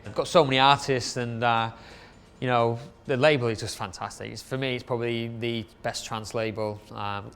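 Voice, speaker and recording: A man's voice: on the low side, a bit bright. A middle-aged man, chatting casually through a countdown, rambling with fillers. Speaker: club night promoter.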